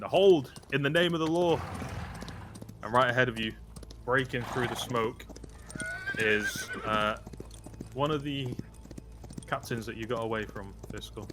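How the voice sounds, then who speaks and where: A man's voice: lowish voice, little pitch movement, slow pace, long pauses, background noise. A man narrating a tabletop role-playing game as game master, describing scenes with many ums and uhs. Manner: hesitant, filler-heavy narration.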